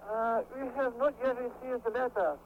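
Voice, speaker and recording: High-voiced man on a tinny phone line. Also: slight background noise. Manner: halting English, many fillers and restarts. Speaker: delegation office clerk answering the phone.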